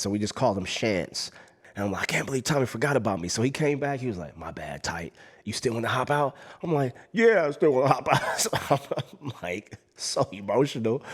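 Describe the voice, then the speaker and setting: A man telling a story about his past, acting out what he and others said with sudden jumps in his voice, laughing now and then. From Los Angeles. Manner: acts out his own past lines with big jumps in pitch and volume; laughs between lines, slangy. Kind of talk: animated personal storytelling.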